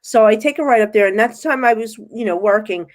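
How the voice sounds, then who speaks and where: A woman's voice: on the high side, quick pace. A woman, a guest medium telling her experiences in a casual podcast interview, acting out what people said. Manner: animated storyteller, acts out her own quotes.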